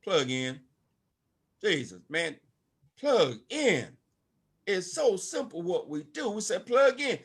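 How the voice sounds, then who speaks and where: This older network marketing speaker gives a preachy, emphatic motivational talk online and calls out to his listeners. His high voice has a breathy edge and big pitch swings, and he speaks slowly with long pauses.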